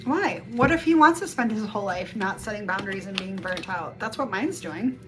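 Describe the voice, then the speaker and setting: A woman's voice: mid-range voice, lively intonation, fairly quick. A woman giving a casual psychic reading on a live stream through a phone mic, rambling and blunt, swearing freely. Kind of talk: casual spiritual reading chat. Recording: music playing behind the voice. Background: music.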